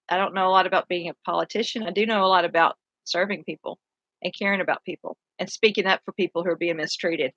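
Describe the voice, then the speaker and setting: A woman's voice: lowish voice, bright, forceful tone. A tired middle-aged woman with a drawl talks through her views in a loose, rambling way, circling back and restarting sentences as she goes. The sound is dull and lo-fi, with a dry, close feel and no room echo. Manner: rambling and earnest, many restarts. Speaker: city council candidate. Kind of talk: casual monologue.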